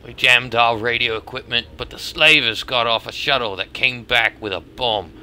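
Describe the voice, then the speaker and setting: A man's voice: mid-range voice, moderate pace, pushed and bright, a little hiss or hum. A man voicing a blunt mercenary in a put-on Australian accent, telling a war story from a game. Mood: boastful. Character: gruff male mercenary telling war stories.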